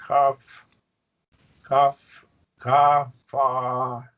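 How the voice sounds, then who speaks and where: A man's voice: mid-range voice, completely flat delivery, extremely slow, narrow, tinny audio. A man teaching a Greek grammar class, patiently quizzing his students with questions. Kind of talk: classroom lesson.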